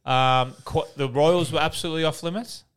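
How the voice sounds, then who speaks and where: Australian man, swears a lot, laughing through stories, smooth clear voice. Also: fairly high pitch, fairly quick, a bit bright. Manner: swears freely, laughs while telling stories. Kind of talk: casual chat, storytelling.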